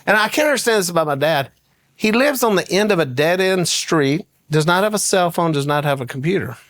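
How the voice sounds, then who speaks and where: A middle-aged man with a Southern American accent, appearing as a guest, tells a story in casual talk and laughs his way through it, sounding animated. His voice is high and fairly quick, recorded dry.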